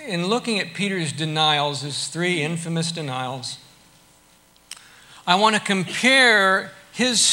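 A man's voice: a little high, pushed and bright. A male pastor preaching a sermon, plainly laying out what he will explain.

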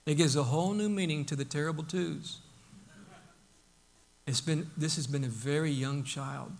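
A man preaching a sermon, emphatic, acting out Bible quotes and dropping to a hush for his points. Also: fairly high pitch, normal speed, vocal fry. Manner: emphatic, swings from loud to hushed, acts out Bible quotes.

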